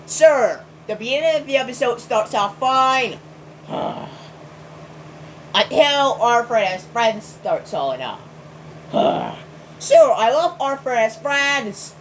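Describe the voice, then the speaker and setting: A woman ranting in a review video, exasperated and sighing heavily between sentences, breaking into indignant shouts. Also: sits high, slight background noise, low-quality recording.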